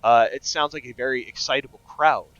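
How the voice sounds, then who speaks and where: A male game master narrates an adventure at a relaxed, meandering pace, with lots of pauses and filler sounds. His middle-pitched voice comes over online audio that's slightly muffled, with no room sound at all.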